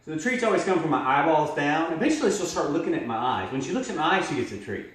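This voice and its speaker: A man teaching dog training in a casual, rambling way, switching into high excited praise for the dog. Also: fast talker. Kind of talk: casual hands-on instruction. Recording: very echoey room, mic at a distance.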